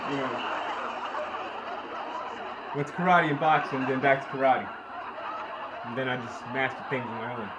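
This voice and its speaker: A man's voice: medium pitch, moderate pace, pauses often. A man doing a first-time stand-up comedy set, rambling with lots of fillers and chuckling through his lines. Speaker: stand-up comic. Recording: echoey room with noise.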